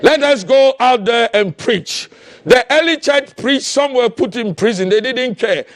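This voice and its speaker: A man preaching a fiery sermon, impassioned and often shouting, with repeated calls to the congregation. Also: very high voice, animated, a little slow, dry recording.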